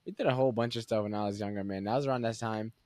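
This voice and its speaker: A man's voice: on the low side, fairly even intonation, rapid-fire, a little mellow, no echo. A young man hosting a casual interview, talking loosely with many fillers into a close mic. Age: young adult. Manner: loose, filler-heavy, says "like" often. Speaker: podcast host.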